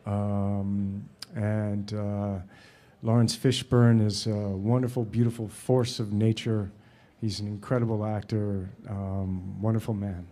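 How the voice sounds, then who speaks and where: A man in his fifties, a film director and actor, answering audience questions in a relaxed, halting way with many fillers and restarts. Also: lowish voice. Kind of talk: relaxed storytelling in a live Q&A.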